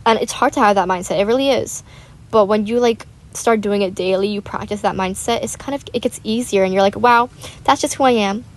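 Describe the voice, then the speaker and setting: Playing a game, a teen girl gaming YouTuber chats casually and rambles with lots of animation. Her voice is mid-range and her pace brisk.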